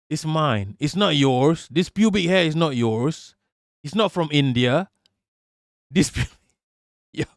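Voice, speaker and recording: A man rants on a live stream in a raised, fairly high voice, cursing freely and mocking whoever he answers. The sound is close and dry. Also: creaky, no room sound. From Malaysia. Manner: profane, mocking, indignant. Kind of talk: live-stream commentary rant.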